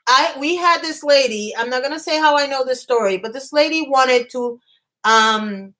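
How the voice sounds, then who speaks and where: A woman with a high, bright, forceful voice hosts a casual livestream at normal speed. She talks in a chatty, emphatic way and reacts to her live chat.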